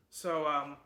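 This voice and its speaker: A man hosting a book club gives a loose, rambling summary. His voice is bright and a little high. The room has a lot of echo. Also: a little hiss or hum. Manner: rambling, lots of fillers and restarts.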